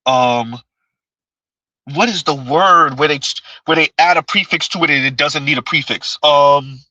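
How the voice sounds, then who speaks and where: Male livestream host, bright and slightly high, rambling and repetitive, laughs a lot, dry close sound. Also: a little slow, no room sound, rough recording. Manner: rambling, repeats himself, laughs often. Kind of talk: casual live chat reading comments.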